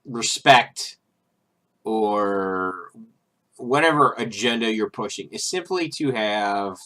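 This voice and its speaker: A man's voice: on the low side, lively intonation, takes it slowly, a bit bright. A man hosting his own video, talking casually and rambling through an opinion piece with restarts, fillers and irritated, sarcastic asides. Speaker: video host.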